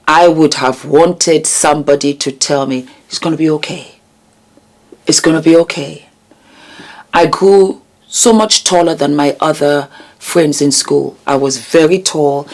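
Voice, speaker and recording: A woman hosting her own channel, talking earnestly and emotionally about vulnerability and healing, with deliberate repetitions. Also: deep voice. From United Kingdom. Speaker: channel host. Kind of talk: reflective commentary vlog.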